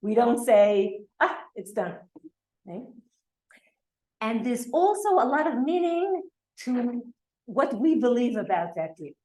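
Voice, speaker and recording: A woman's voice: fairly high pitch, very animated, takes it slowly, pauses often, mellow, echoey room. A woman teaching a Torah class in a conversational way, full of asides and checks with her listeners. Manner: conversational, with fillers and frequent asides. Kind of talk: lecture to a class.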